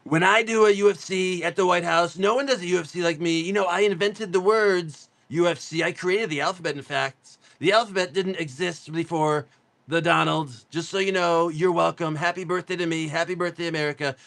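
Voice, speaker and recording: A man doing an impression of a boastful older male politician, raised in pitch, with a brash, self-praising delivery. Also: fairly even intonation, brisk, a bit bright. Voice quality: brash, bragging sing-song delivery.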